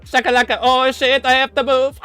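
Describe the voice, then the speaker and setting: A man streaming in a casual chat, animated and giggly, breaking into sound effects. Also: very high-pitched, normal speed, clean tone, soft background music.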